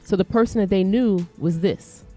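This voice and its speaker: A woman's voice: medium pitch, moderate pace, dark tone, soft background music. A woman co-hosting a talk show, talking casually and pressing her point directly. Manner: direct, insistent, explaining a point.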